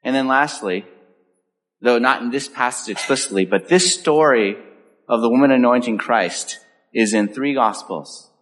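A male pastor preaching a sermon in an animated way, acting out the voices he quotes. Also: mid-range voice, moderate pace. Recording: echoey hall with long reverb.

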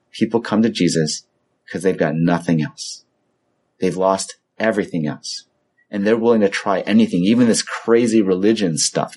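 A man's voice: lowish voice, a little mellow, husky. A man preaching a sermon as a pastor, telling the story in a conversational way and acting out the voices of the people in it.

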